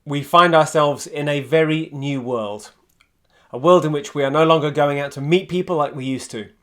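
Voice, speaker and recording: Man coaching on camera, fairly high voice. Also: a bit bright. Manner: measured, emphatic delivery with deliberate pauses. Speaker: communication coach. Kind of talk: instructional video presenting. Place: home office room. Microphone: switching between laptop, webcam and USB condenser mics.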